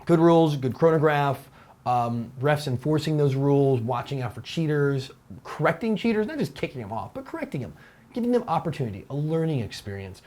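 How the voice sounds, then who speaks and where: A man hosting a weekly Q&A show, answering viewer questions in a relaxed, rambling way with restarts. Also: a little high, brisk. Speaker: host. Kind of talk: casual Q&A chat. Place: Taiwan.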